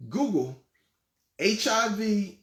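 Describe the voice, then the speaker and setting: A man's voice: sits high, expressive, slow, a bit bright, echoey room. A man hosting his own show, giving relationship advice in a blunt, scolding and mocking way, often laughing at his own points. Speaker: host and life coach.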